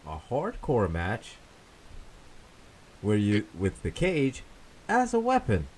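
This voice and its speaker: Male co-host, low voice, swings a lot, animated storyteller. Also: slow, slight background noise. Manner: animated, repeats himself, lively storyteller. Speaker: podcast co-host. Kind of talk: casual storytelling chat.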